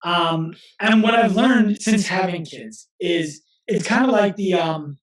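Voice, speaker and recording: A man in his thirties, a guest in an interview, talking earnestly and telling stories with quick restarts. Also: sits high, reverberant, low-quality recording. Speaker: guest, physical therapist and coach. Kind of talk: conversational interview.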